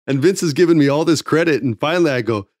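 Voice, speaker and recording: A man, a former wrestling TV writer, telling a casual backstage story with lively acted-out quotes and free swearing. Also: fairly high pitch, quick pace, no echo, studio quality. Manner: animated, swears freely, acts out quotes.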